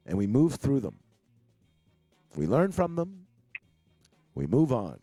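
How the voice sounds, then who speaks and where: A man's voice: medium pitch, wildly swooping pitch, takes it slowly, long pauses, warm tone, soft background music. A young man hosting a casual online talk show, rambling with many fillers and restarts. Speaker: podcast host. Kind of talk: casual chat.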